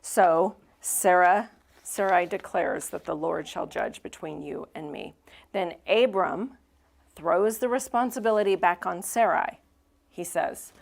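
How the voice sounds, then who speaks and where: A gravelly, lowish female voice moves slowly through a sermon, leaving long pauses. She's a pastor speaking informally in the church sanctuary, animatedly retelling a story and performing the quotes of its characters.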